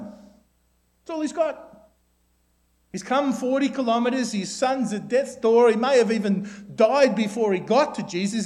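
High-voiced preacher with rhetorical questions. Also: male voice. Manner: asks rhetorical questions with tag questions, drops to a soft voice for quoted prayers. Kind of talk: sermon.

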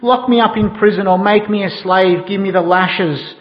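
A man's voice: sits high, normal speed, natural voice. A man voicing a scared male pirate who pleads tearfully for mercy. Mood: begging. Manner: begging, tearful. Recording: dull sound in a reverberant hall.

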